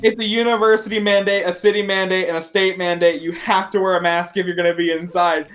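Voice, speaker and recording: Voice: medium pitch, level tone, fast, fairly bright tone, a little hiss or hum. Giggly guest telling a story. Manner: laughing, swearing anecdote teller. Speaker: podcast guest. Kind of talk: casual podcast chat.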